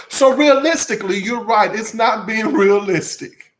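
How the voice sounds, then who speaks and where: With a mid-range voice that runs a little slow, a music channel host gives relaxed commentary. Frequent laughter, direct talk to the viewers, and folksy asides keep it chatty and animated.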